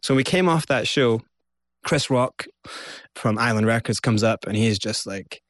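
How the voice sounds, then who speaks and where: A Scottish man tells his story as a guest in an interview, lively, and he acts out what others said. His voice sits at a middle pitch. The sound is dry and close, with almost no room. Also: moderate pace, no echo. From Scotland. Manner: animated, acts out quotes.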